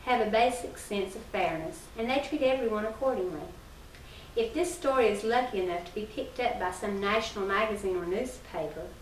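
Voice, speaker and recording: A woman reading a humorous first-person short story aloud in a measured storytelling delivery, with a few small slips. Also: on the high side. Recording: roomy distant early-1990s recording with faint hiss.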